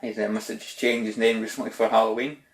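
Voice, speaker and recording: A man's voice: on the low side, little pitch movement, fast talker. A Scottish man answering viewer questions in a casual, informal vlog chat, often saying "bloody" and "mate". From Scotland. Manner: chatty and informal, says "bloody" and "mate" a lot. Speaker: YouTube gaming channel host.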